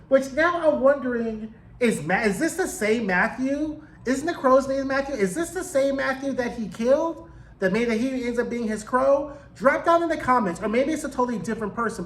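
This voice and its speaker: A man giving a casual, slangy recap and review of a TV show, animated and full of profanity. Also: extremely high pitch, reverberant.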